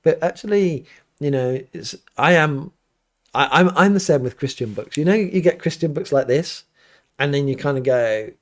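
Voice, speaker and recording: A man's voice: a little high, animated, normal speed. Rambling man chatting live. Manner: rambling, many restarts and fillers. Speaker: priest hosting a livestream. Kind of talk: casual live Q&A chat. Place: home studio.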